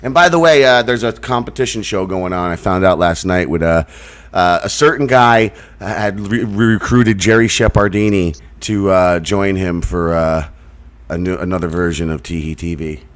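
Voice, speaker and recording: A man's voice: low voice, normal speed. A man hosting a podcast, rambling wryly in casual banter. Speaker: podcast host.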